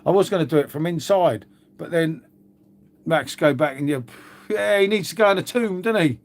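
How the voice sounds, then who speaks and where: Livestream host: man, middle-aged, slightly high voice, rambling casual chat. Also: moderate pace. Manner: chatty, rambling, calls viewers "mate".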